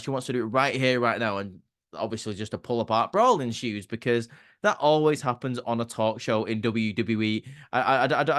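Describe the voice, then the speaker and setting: A man's voice: mid-range voice, a bit bright. A man giving a casual, chatty recap of a wrestling show, often stumbling and repeating words.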